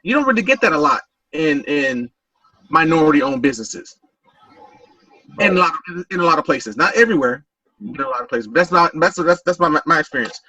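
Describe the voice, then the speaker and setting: A man's voice: on the high side, lively intonation, fairly quick, sharp tone, dry recording. A man on a podcast panel in a casual group chat, telling a story with many halts and repeated words. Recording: voice distant from mic.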